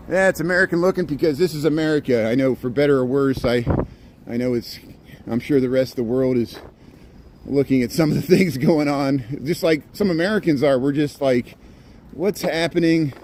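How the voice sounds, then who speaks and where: A man's voice: mid-range voice, a little fast, a little mellow. Man in the middle range, walking outdoors and rambling to his live-stream chat on a phone mic, with light street noise behind him. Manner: rambling, chatty, reads out viewer comments. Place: outdoors on city streets at evening.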